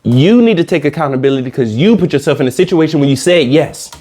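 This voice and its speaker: Animated ranting man, lively pitch. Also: quick pace. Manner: animated, ranting, slangy and profane. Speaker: reaction commentator. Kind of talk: comedic reaction rant.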